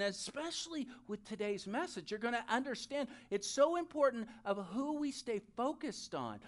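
A high-pitched male pastor preaching a sermon. He tells stories and jokes in a loose, conversational way, leading a congregation. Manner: storytelling, joking, conversational.

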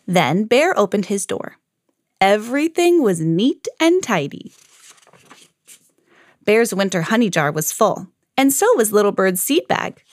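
A woman's voice: mid-range voice, very animated, measured pace, no echo. Woman reading a picture book aloud. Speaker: podcast host and children's book reader. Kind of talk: read-aloud storytelling.

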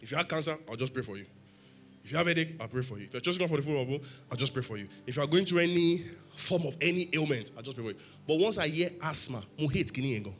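A man's voice: a little high, expressive, fast, fairly bright tone, soft background music. A man preaching a sermon in church, emphatic, asking the congregation questions for them to answer. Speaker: pastor.

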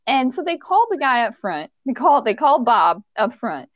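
Lively woman telling a story with laughs. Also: on the high side, brisk, few pauses, no echo. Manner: animated, laughs often while telling. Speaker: storyteller in a podcast chat. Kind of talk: casual storytelling chat. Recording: dull, dry sound.

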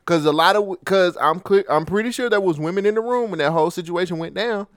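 Man, high voice, laid-back co-host, teasing, laughs a lot, dry sound. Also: quick pace, clean tone, no echo. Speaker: podcast co-host. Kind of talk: casual chat.

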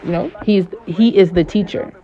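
Woman, astrologer, gravelly, slangy, profane, rambling, dull lo-fi recording. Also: fairly low pitch, moderate pace, mellow. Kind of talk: casual astrology chat.

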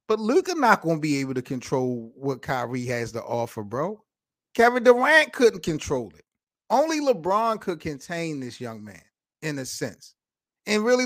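Excitable male sports talk host. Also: on the high side, dry recording, studio quality. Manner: excitable, incredulous, slangy, shouts in disbelief. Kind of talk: animated sports talk commentary.

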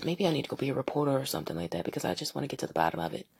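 A woman hosting her own podcast, ranting in a rambling, profane way and putting on mocking voices, a little high as she talks. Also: sing-song, racing, gravelly, darkish tone, breathy edge. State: partially high. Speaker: podcast host. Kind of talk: casual solo podcast rant.

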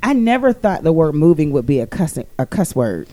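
A woman hosting a podcast, chatting loudly and laughing with her co-hosts. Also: low voice, very animated, a little fast, a little hiss or hum. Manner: loud, laughing, rowdy banter. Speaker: podcast host. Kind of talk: casual chat.

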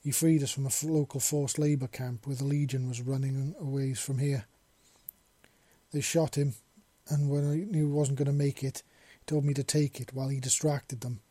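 A man voicing a desperate young runaway in his early twenties, talking fast and urgently. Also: mid-range voice, little pitch movement, dark tone, no echo, lightly acted. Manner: frantic, pleading.

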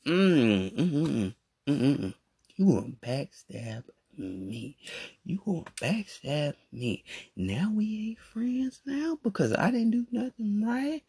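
A man ranting casually in a voice message, animated and repetitive with slang. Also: medium pitch, measured pace, slightly rough, dry recording, clean studio sound. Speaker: podcast host. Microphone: phone voice message.

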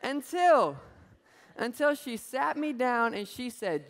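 A man giving a humorous, animated sermon, telling a story and acting out voices. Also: very high voice, takes it slowly, big-room sound. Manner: animated, jokey, acts out voices.

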